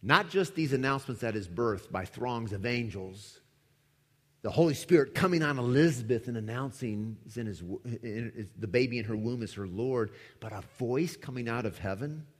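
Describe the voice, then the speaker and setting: A man preaching a sermon with dramatic emphasis, swinging from loud declarations to hushed lines. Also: medium pitch, lively intonation, moderate pace. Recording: echoey hall with long reverb.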